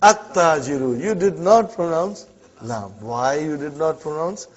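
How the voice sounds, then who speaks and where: A man's voice: on the high side, animated, a little slow, a little mellow. A man teaching an Arabic class, quizzing students with short "huh?" prompts and explaining each example. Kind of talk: classroom lesson. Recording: dull lo-fi classroom recording.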